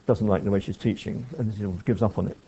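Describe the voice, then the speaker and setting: A man's voice: fairly low pitch, steady tone, fast, warm tone, slightly rough, dull audio. A man giving a reflective talk on film and writing, thinking aloud with frequent restarts and asides.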